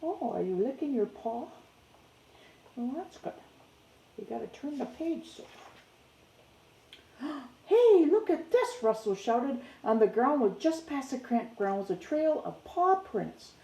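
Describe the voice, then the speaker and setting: A woman's voice: on the high side, lively intonation, a little slow, vocal fry, dark tone, roomy sound, low-quality recording. A young woman reading a children's picture book aloud, who keeps breaking off to chat playfully with her dog.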